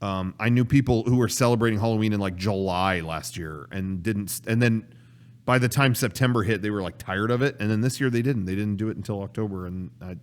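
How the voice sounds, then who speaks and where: A man's voice: lowish voice, brisk. A man hosting a podcast in casual chat, rambling and often cutting himself off mid-sentence. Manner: rambling, self-interrupting storyteller. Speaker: podcast host.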